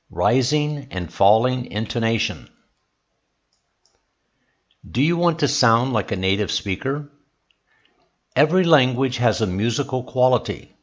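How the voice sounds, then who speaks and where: Slow, measured man teaching English. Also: mid-range voice, lo-fi sound. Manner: slow, measured, with exaggerated example intonation. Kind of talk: scripted instructional narration.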